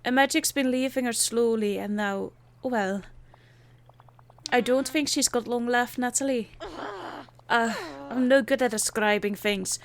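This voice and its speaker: A woman's voice: fairly high pitch, measured pace, slight background noise. A woman voicing a spirited young Scottish princess with an exaggerated put-on Scottish accent, reading game dialogue aloud. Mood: earnest.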